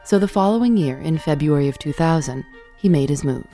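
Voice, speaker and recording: A woman hosting a podcast, narrating in a measured way and asking questions. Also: low voice, lively intonation, warm tone, faint music behind. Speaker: podcast host. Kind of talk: scripted narration and interviewing.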